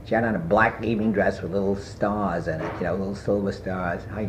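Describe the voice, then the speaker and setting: An older man being interviewed, telling a long personal anecdote in a rambling way with many pauses and fillers. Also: sits low, fairly even intonation, slight background noise. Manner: rambling anecdotal, frequent "uh" and asides. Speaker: interviewee recalling his past. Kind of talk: oral history storytelling. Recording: muffled archival tape.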